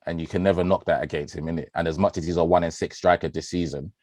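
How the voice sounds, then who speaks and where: Brief: low-pitched man, podcast co-host, excitable slangy football talk, dry close-miked sound. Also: quick pace, no room sound. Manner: animated, slangy, swears freely, laughs often. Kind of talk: casual football chat.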